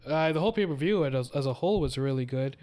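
A man co-hosting a casual podcast chat, rambling in a relaxed way with many fillers. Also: medium pitch, fast. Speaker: podcast co-host.

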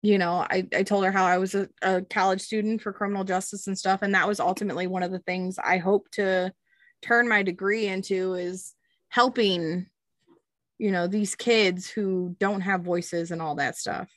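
A woman's voice: medium pitch, normal speed, no room sound. A young woman co-hosting a podcast in casual chat, talking with lots of "um"s and telling stories with animation. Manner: chatty, many "um"s, animated storytelling. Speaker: podcast co-host.

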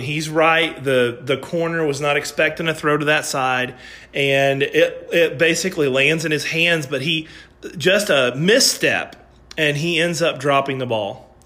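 A middle-aged man preaching in a relaxed, conversational way. His voice sits a little high and sounds bright and forceful, and it lifts in pitch when he stresses a point. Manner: conversational, storytelling, rising emphasis on key points. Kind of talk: informal sermon with a personal story.

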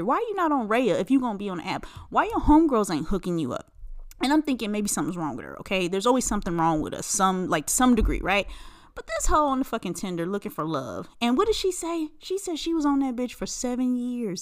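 A woman hosts a solo podcast, ranting in casual chat. She talks bluntly and sarcastically, swearing freely. Her voice swings widely in pitch, shooting up whenever she is incredulous. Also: fast. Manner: animated, pitch jumps high when incredulous. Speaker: podcast host.

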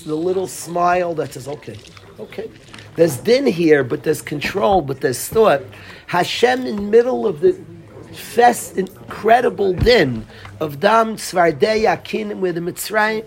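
A middle-aged man, a rabbi, giving a Torah lecture to a congregation, telling stories with animated delivery and scattered Hebrew and Yiddish terms. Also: sits high, vocal fry.

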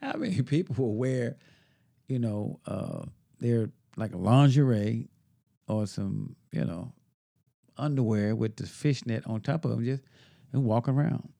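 A man's voice: mid-range voice, expressive, measured pace, vocal fry, mellow. A man co-hosting a podcast, chatting casually and telling a story while acting out the dialogue he quotes. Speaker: podcast co-host. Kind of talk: casual chat.

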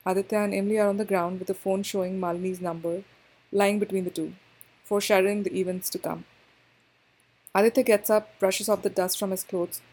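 A woman narrating an episode recap in a steady, scripted telling. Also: mid-range voice, husky, low-quality recording.

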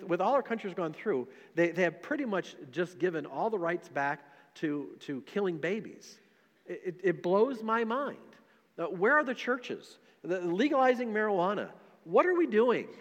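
A man's voice: sits high, fairly bright tone, big-room sound. A middle-aged man preaching a sermon as a pastor, passionate, repeating himself and asking rhetorical questions. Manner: impassioned preaching with frequent repetitions and rhetorical questions.

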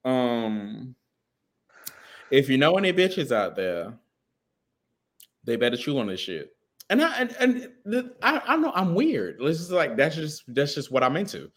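A man's voice: mid-range voice, very animated, a little slow, long pauses. A man co-hosting a podcast in casual chat, talking bluntly and with lots of profanity. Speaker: podcast co-host.

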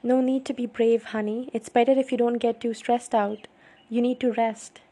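A woman voicing a kindly hospital nurse who speaks gently to a patient. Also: on the high side, little pitch movement, normal speed, natural voice. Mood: coaxing. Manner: gentle, calls patient honey. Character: kindly middle-aged female hospital nurse.

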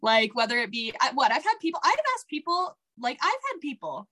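A woman's voice: on the high side, brisk. Blunt, profane young woman telling stories. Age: young adult. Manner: blunt, profane, animated storytelling. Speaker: podcast co-host. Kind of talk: casual chat.

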